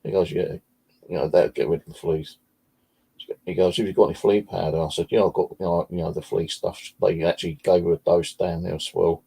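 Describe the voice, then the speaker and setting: A man's voice: low-pitched, steady tone, a little fast, gravelly, dark tone, breathy edge. A man telling rambling, profane stories about his cat in a casual vlog chat. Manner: swears freely, rambling anecdotes. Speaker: vlogger. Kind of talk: casual storytelling.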